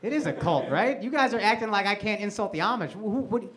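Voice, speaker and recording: A man's voice: high voice, animated, fast. A male stand-up comedian doing crowd work on a club stage, brash and profane as he mocks people in the audience. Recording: loud crowd laughter, noisy live club.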